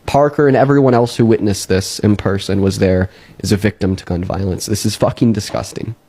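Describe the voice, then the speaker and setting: A man's voice: on the low side, fairly quick, dark tone, breathy edge. A man speaking angrily and bluntly in an opinion video. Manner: angry, blunt.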